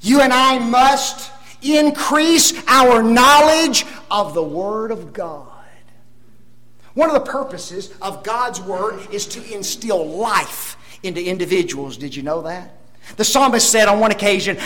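A male preacher delivers his sermon in a high, lively voice that leaps up and down as he leans on each word. He talks slowly, with dramatic swings from loud declarations to near-whispered asides, and he keeps drawing the congregation in with rhetorical tag questions. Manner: addresses the congregation as folks.

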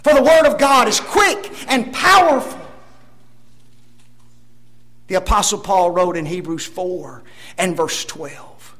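A man preaching a sermon, emphatic, with rhetorical tag questions and dramatic swings between loud declarations and hushed asides. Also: high voice, takes it slowly, long pauses. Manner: addresses the congregation as folks.

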